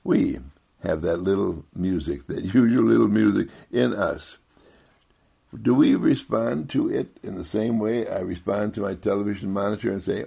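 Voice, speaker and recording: A man with a deep, heavily gravelly and husky voice muses softly in a gentle inspirational monologue. His pitch swings widely, rising high when he quotes others. He rambles, circles back on his words and chuckles often. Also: moderate pace. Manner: rambling, repetitive, soft-spoken, chuckles often.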